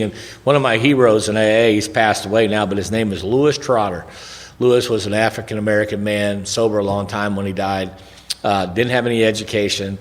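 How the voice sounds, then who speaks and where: Folksy man in an echoey hall. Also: fairly low pitch. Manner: folksy, rambling, conversational, drops in "man" and "right?". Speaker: recovery speaker. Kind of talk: storytelling talk at a recovery event. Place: large hall at a recovery event. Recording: long reverb of a big hall.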